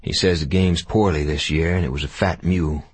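A man's voice: a bass voice, steady tone, brisk, breathy edge, no room sound. A man voicing a seasoned frontier scout who talks in a terse, matter-of-fact way. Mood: flat.

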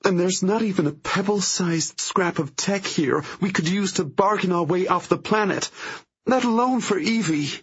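A man voicing a desperate, worn-out young woman explorer who speaks in a thin, halting, quiet voice. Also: mid-range voice, lively intonation, vocal fry, husky, lo-fi sound, voice pushed up, heavily acted. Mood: distraught.

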